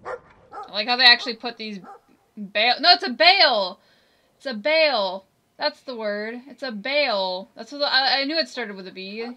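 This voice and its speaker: A woman's voice: fairly high pitch, moderate pace, pushed and bright. A woman giving chatty, giggly let's-play commentary, talking back to the game characters. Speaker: gameplay commentator.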